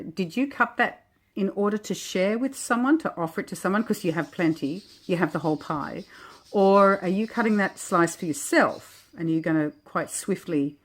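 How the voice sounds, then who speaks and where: A woman with a slightly low voice talks through cards one by one in a gentle, reflective way. She muses aloud, chatty and unhurried, as if sharing with a friend. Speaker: oracle deck creator. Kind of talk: casual walk-through of oracle cards.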